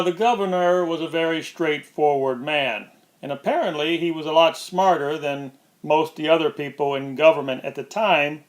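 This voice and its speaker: Dramatic man telling a history story. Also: a little high. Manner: dramatic, emphatic, drawn-out pauses. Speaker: archive presenter.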